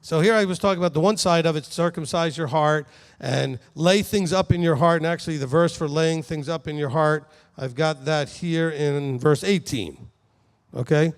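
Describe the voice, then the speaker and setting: A man's voice: fairly high pitch, moderate pace, clear, resonant tone. A man giving a conversational Bible teaching to a congregation, asking the audience questions as he goes. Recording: long hall reverb.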